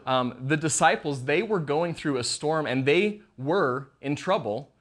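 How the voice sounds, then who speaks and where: A man's voice: fairly high pitch, animated, measured pace. A man preaching a casual online sermon as pastor, conversational and jokey, acting out the lines he quotes.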